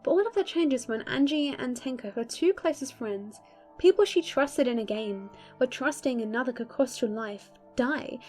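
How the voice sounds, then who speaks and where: A woman's voice: on the high side, a little mellow. A young woman giving casual fan commentary, gushing and emphatic, swearing freely. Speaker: video creator.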